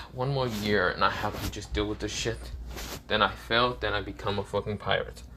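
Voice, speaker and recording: A man's voice: on the low side, steady tone, moderate pace, sharp tone, slight background noise. A man voicing a grumpy, foul-mouthed teenage boy who wants to be a pirate, talking curtly and dismissively. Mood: surly. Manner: curt, swearing, dismissive.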